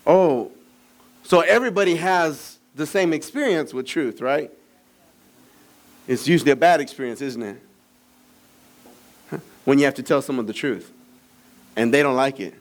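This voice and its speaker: Preaching in a church sanctuary, a middle-aged male pastor with a mid-range voice shifts between casual, teasing asides to the congregation and animated, rising emphasis.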